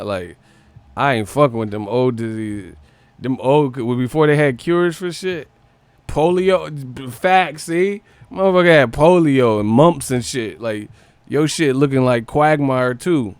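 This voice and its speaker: A man's voice: mid-range voice, a little slow, smooth, dry recording. A man hosting a livestream, joking profanely and laughing often. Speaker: livestream host. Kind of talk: casual commentary.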